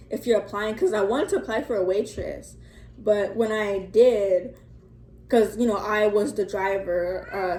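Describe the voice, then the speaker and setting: A woman's voice: mid-range voice, darkish tone, a little hiss or hum. A young woman telling a casual storytime vlog into her phone, rambling and chatty with lots of fillers and the odd curse word. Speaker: vlogger. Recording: echoey room, faint ambience.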